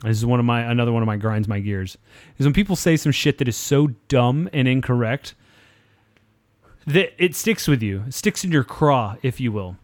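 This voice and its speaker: A man in his thirties tells a story on a casual podcast, swearing freely and getting animated as he goes. His voice sits at an ordinary pitch for a man. The sound is dry and close, with no room around it. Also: moderate pace, no echo. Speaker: podcast co-host.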